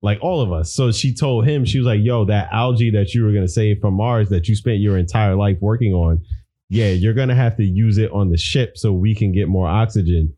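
A man with a low, mellow voice retells a film's story in an easygoing, unhurried way. He acts out the characters in a loose, conversational tone and laughs a lot as he talks. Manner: laid-back, laughs often, quotes characters in a loose voice. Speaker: podcast co-host. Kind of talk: casual chat, retelling a movie plot.

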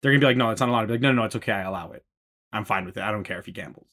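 A man co-hosting a casual podcast chat, animated, acting out other people's lines as he argues. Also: on the low side, racing. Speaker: podcast co-host.

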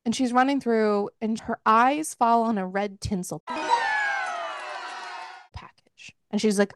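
A woman hosting a book club podcast, recapping a story in casual chat with lively, profane quoted dialogue. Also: fairly high pitch, slow, long pauses, very noisy.

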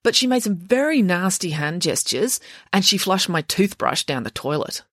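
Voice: mid-range voice, big pitch swings, moderate pace, a bit bright, no echo, studio quality, pitched above the performer's own voice. A reader voicing a tough, blunt teenage girl inmate, pushy and slangy. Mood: brash.

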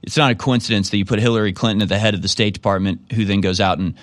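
A man's voice: lowish voice, fairly even intonation, rapid-fire, no room sound. A man giving casual, sarcastic political commentary, rambling and repeating himself as he reacts to a replayed clip.

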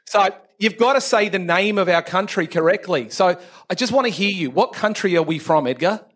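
A high-pitched man with a broad Australian accent trades jokes on a podcast, teasing his hosts and sprinkling in local slang. He talks loosely and playfully. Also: expressive, a little fast, a bit bright. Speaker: podcast guest. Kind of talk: casual chat.

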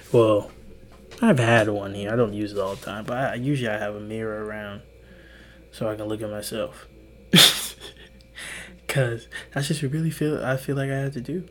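Tired man rambling in a hushed voice. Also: fairly low pitch, a little hiss or hum. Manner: hushed, half-whispered rambling with swearing and laughs. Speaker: podcast host. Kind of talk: solo late-night podcast monologue.

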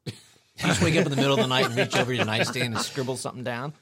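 A man's voice: mid-range voice, lively intonation, rapid-fire, a crowd in the background. A man co-hosting a podcast in casual chat who jokes and teases the others. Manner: joking, teasing. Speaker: podcast co-host.

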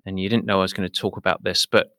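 A man's voice: sits low, level tone, racing, bright, forceful tone, no echo, clean studio sound. A man with an English accent hosting a podcast, chatting casually and often repeating words as he thinks. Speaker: podcast host. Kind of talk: casual conversational interview.

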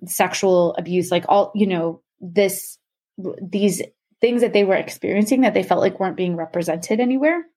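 A woman's voice: mid-range voice, moderate pace, a little mellow. A young adult woman explaining a topic to a co-host in casual podcast talk, full of "um" and "like". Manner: chatty, many fillers like "um" and "like".

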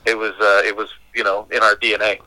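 A middle-aged man joining a podcast as a guest, talking casually in a measured, reminiscing way. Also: lowish voice, level tone, bright, forceful tone, no room sound, low-quality recording. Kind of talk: casual chat.

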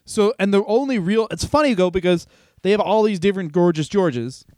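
A man's voice: sits high, lively intonation, fairly quick, a little mellow, slight background noise. A man co-hosting a comedy podcast in casual chat, rambling with restarts and laughing often. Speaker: podcast co-host.

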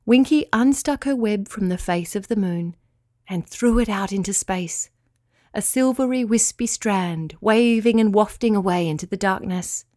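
Female storyteller, gentle bedtime reading, dry and close. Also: medium pitch, normal speed, dry recording. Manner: soft, gentle and expressive. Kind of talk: children's bedtime story narration.

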